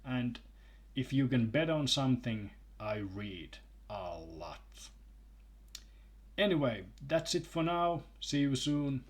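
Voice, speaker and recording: Man, unhurried, stammering, restarts, casual book review vlog, medium pitch. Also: expressive. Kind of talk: casual video review with a read excerpt.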